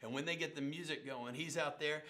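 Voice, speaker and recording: A middle-aged male pastor telling stories in a sermon, animated and acting out the people he quotes. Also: on the high side, brisk. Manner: animated storyteller, acts out quotes and sounds. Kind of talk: sermon storytelling.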